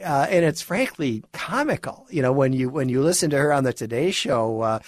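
A man guest-hosting a talk radio show, delivering a wry monologue with chuckles and halting restarts. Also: mid-range voice, expressive.

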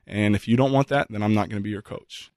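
Earnest, halting man with a low voice. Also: darkish tone, no room sound, studio quality. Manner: earnest, halting with repeated restarts. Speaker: guest. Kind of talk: reflective storytelling in conversation.

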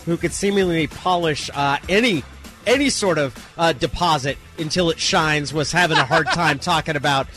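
Sports radio guy, opinionated and wry, kinda high voice, quiet music bed behind. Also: normal speed. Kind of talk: casual sports talk.

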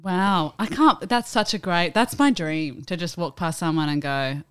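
A young woman, co-hosting a podcast, teasing her friend and quick with jokes. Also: on the low side, clear, resonant tone, no echo, clean studio sound. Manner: teasing, quick-witted, laughing along. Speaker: podcast co-host. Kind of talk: casual chat.

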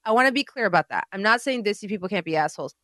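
Casting: bright, higher-voiced woman co-host, blunt and animated, dry close mic. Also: rapid-fire, no room sound. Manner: animated, blunt, swears freely, mixes in Hindi-Urdu words. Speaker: podcast co-host. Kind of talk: casual chat.

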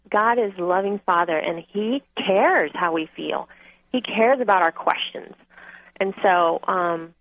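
A woman's voice: mid-range voice, no room sound. A woman guest author telling her own story earnestly and candidly in a phone interview. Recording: tinny phone line.

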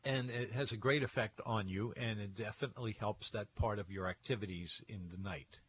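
A man's voice: on the low side, brisk, lo-fi sound, slight background noise. Radio host man with an easygoing, hesitant delivery. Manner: relaxed, hesitant with many fillers. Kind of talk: radio call-in talk.

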